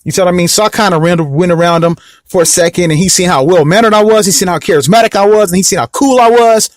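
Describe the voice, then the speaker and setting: A man's voice: sits high, fast, dry recording, clean studio sound. A young man casually telling a personal story to the camera, rambling and repeating himself and often asking whether you know what he means. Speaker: vlog host.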